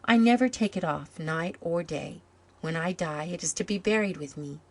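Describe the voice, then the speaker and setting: A woman voicing a gentle, wistful motherly lady. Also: fairly low pitch, normal speed. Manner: soft, wistful delivery. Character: gentle lonely older woman, tender and motherly.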